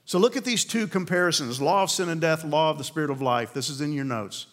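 A man preaching a sermon to a men's group, earnest and asking rhetorical questions, slowing down to land key points. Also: fairly high pitch, a bit bright.

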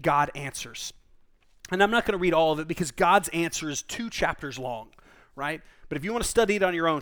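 A man, a pastor, preaching a conversational sermon in an earnest, informal way, often restarting and repeating words. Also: on the high side.

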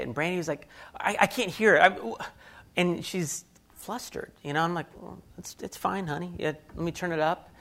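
Candid man telling a marriage story. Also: fairly high pitch. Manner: candid, self-deprecating, acts out quoted thoughts. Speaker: speaker sharing a marriage story. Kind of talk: personal storytelling talk.

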